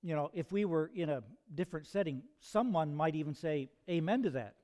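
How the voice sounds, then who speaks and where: A man's voice: on the high side, expressive, a little fast, darkish tone. A man preaching a sermon in an earnest, conversational way, asking his listeners rhetorical questions. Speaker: pastor.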